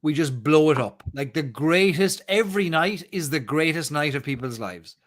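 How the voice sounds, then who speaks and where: A man's voice: on the high side, animated, normal speed. A man in late-night casual chat, enthusiastic and repeating his points for emphasis. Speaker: co-host.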